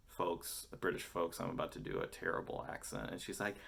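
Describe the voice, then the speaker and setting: A man's voice: sits low, very animated, moderate pace, vocal fry, bright, forceful tone, husky. An American man in his thirties chatting casually to camera, rambling and enthusiastic, swearing freely. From United States. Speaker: vlogger.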